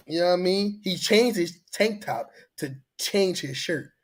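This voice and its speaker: Man, slightly high voice, sick, chatty and laughing among friends. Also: expressive, unhurried. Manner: laughing, repeats "you know what I mean". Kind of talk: casual banter.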